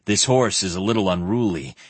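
A man's voice: deep voice, a little fast, husky, dry recording. A man voicing a stern, grim male knight leader with firm, clipped speech.

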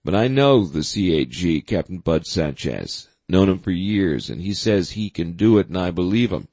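A man doing a blunt, forceful navy admiral. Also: deep voice, lively intonation, moderate pace, dry recording. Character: tough blunt male navy admiral, middle-aged.

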